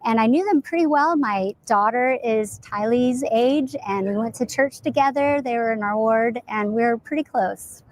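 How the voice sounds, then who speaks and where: A woman in her forties being interviewed on the street, speaking softly and haltingly with frequent ums. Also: fairly high pitch, slight background noise, poor audio. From Arizona, US. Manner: soft, hesitant, with frequent ums. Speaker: interviewed trial spectator.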